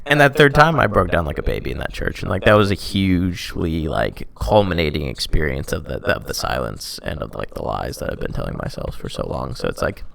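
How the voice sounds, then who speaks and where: Low gravelly young man, rambling chat. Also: sing-song, a little fast, hardly any pauses, fairly bright tone, no room sound. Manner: rambling, heavy use of "like", self-mocking. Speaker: podcast host telling his faith story. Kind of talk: casual chat.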